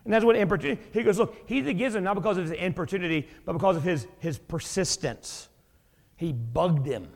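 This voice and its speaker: Folksy preacher in a reverberant hall. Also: male voice, high voice, brisk. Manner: folksy, joking, conversational preaching. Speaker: pastor. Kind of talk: sermon.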